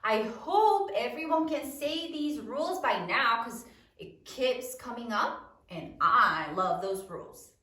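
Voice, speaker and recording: Bright-voiced woman teacher dictating spelling slowly. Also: fairly high pitch, animated, reverberant, far from the mic. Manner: slow, deliberate dictation with drawn-out words. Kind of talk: spelling lesson for third graders.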